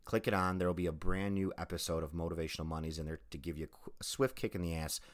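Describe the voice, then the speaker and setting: A man's voice: low voice, level tone, fast talker. A man hosting a podcast, closing the episode in an earnest, heartfelt way, repeating phrases for emphasis and getting choked up. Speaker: podcast host. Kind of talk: casual podcast outro.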